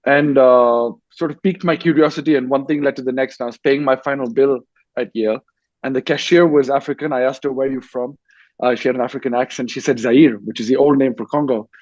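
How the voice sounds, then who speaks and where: A man's voice: mid-range voice, fairly even intonation, fast, a little mellow, no echo, highs cut off. A man who grew up in Dubai, an author and war correspondent, telling his story on a festival panel with frequent restarts. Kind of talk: panel discussion.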